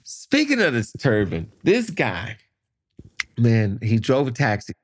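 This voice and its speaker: A man telling a personal story in casual conversation, animated, acting out voices and sound effects. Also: mid-range voice, takes it slowly. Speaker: podcast guest.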